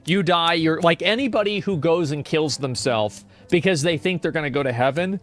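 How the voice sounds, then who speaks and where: A man's voice: fairly high pitch, moderate pace, a bit bright, soft background music. A man in casual chat, talking earnestly and reasoning things through, with many fillers.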